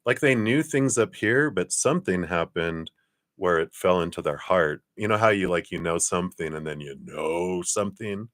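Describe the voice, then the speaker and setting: A man's voice: deep voice, expressive, moderate pace, a bit bright, dry recording, clean studio sound. A man giving a casual live-stream tarot reading, chatty and laughing often as he acts out little quoted lines. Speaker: tarot card reader.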